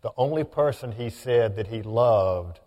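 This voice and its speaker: A male radio host with a low, dark, mellow voice asks courteous, measured questions. His voice carries a long reverberant tail. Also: lively intonation. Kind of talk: radio interview.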